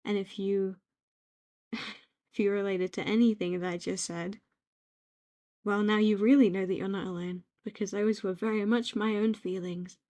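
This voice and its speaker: A young British woman gently rambling in a soft-spoken ASMR-style note to herself, reflective and quietly affirming, recorded on a home microphone. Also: medium pitch, steady tone, moderate pace. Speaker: ASMR creator.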